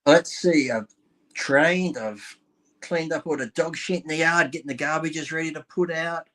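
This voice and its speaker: A man's voice: fairly high pitch, normal speed, a bit bright. An Australian man in his fifties, a guest trading irreverent crude jokes in casual banter. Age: 50s. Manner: irreverent, tells dirty jokes with put-on character voices.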